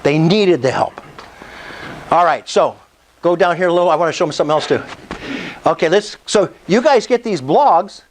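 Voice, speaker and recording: Guy pitching at a meetup, high voice, hyped up, keeps asking the crowd for a yes. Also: normal speed, pauses often, a little hiss or hum, rough recording. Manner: excitable, salesy, asks the room for approval. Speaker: meetup presenter. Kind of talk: live sales presentation. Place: meetup room.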